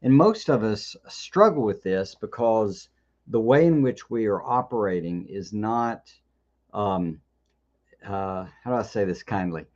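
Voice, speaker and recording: Man hosting a live Q&A, halting speech. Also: fairly low pitch, lively intonation, darkish tone, lo-fi sound. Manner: conversational, repeats words and restarts often. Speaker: host. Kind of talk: live Q&A talk.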